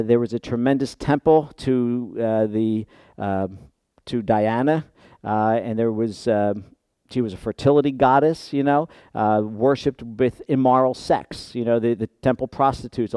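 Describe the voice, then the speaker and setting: A male pastor preaching a sermon in church, swinging from hushed asides to loud emphatic peaks. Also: medium pitch, fairly even intonation, moderate pace, few pauses, smooth, no echo.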